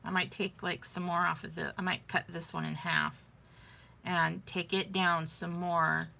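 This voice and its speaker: A woman's voice: lowish voice, level tone, a little slow, vocal fry, bright, forceful tone. A woman vlogging in a casual, rambling way, thinking aloud as she shows her beadwork. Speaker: vlogger showing beading crafts. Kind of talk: casual chat.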